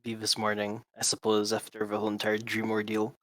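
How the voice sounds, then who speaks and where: A man narrating as game master of a tabletop role-playing game, explaining events to the players in a measured way. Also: lowish voice, completely flat delivery, a bit bright, no room sound.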